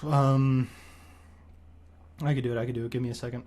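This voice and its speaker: A young man hosting a livestream in casual chat, teasing his guest with quick questions and mock lectures. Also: medium pitch, little pitch movement, darkish tone. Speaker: streamer host.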